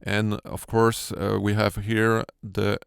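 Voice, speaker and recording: A low-voiced man with a French accent talks slowly through a tutorial walkthrough, pausing often on fillers and restarts. His voice has a gravelly edge yet stays smooth, and the room is dry. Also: monotone, no room sound. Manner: hesitant, many fillers and restarts. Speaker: sound designer. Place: home studio.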